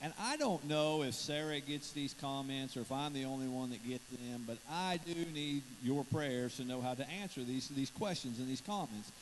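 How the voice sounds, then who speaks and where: A man's voice: mid-range voice, moderate pace, hardly any pauses, in a large hall, slight background noise. Joking man preaching in a ringing church. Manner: joking, conversational, rambling asides. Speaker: guest preacher. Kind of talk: sermon. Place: church sanctuary. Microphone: handheld microphone.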